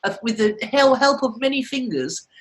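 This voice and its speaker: A woman's voice: fairly high pitch, animated, moderate pace, low-quality recording. A woman in her fifties co-hosting a podcast, telling long chatty stories and laughing often. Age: 50s. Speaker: podcast co-host. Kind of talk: casual chat.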